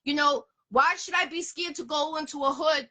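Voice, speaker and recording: A woman's voice: sits high, moderate pace, bright, forceful tone. A woman from the area, hosting an interview in blunt, profane, emphatic casual talk. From Boston area, USA. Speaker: interview host.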